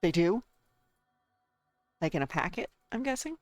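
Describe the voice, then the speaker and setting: A woman's voice: on the low side, very animated, measured pace, darkish tone, no echo, soft background music. A woman streaming a game and chatting casually, rambling from one thought to the next and talking to her chat and herself.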